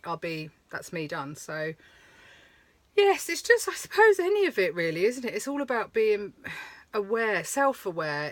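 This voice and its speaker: A woman's voice: lowish voice, a bit bright, no room sound. A woman, vlogging in a frank, rambling way, swearing freely and laughing often. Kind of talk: candid chatty vlog. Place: touring stop at a countryside campsite.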